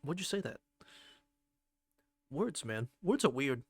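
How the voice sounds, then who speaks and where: A man's voice: mid-range voice, very animated, slow, slightly rough, dry recording. A man streaming a game and chatting casually with viewers, playful and rambling, swearing now and then. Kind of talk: casual chat while playing a game.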